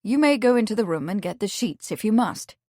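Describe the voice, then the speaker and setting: A woman voicing a kindly, measured Victorian gentleman investigator. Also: mid-range voice, expressive, dry recording, clean studio sound, close to an everyday voice.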